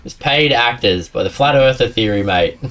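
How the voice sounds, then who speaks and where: A man's voice: mid-range voice, moderate pace, a bit bright, recorded from a distance. A man streaming a game, chatting casually with his viewers and a friend, often laughing and rambling. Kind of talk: casual live-stream chat while gaming.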